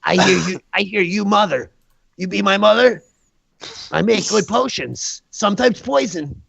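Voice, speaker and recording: A man's voice: sits high, moderate pace, vocal fry, fairly bright tone, breathy edge, dry recording, full character voice. A man voicing a small goblin boy who speaks in clipped broken grammar, eager and crafty, in a tabletop game. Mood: pleading. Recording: dull lo-fi.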